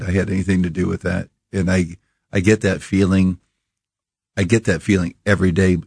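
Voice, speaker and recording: A man's voice: deep voice, creaky, darkish tone, breathy edge, no room sound. A man in his fifties from Iowa, a guest on a studio interview, talking reflectively and rambling with many restarts. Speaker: coffee company founder, guest. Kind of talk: casual interview. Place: radio studio.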